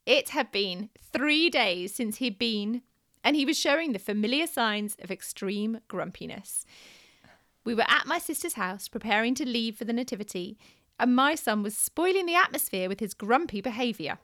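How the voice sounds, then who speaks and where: A woman co-hosting a podcast, reading a listener's letter aloud in an expressive, storytelling way and chatting in between. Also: a little high, normal speed, dry recording, clean studio sound. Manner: expressive storytelling, often laughing.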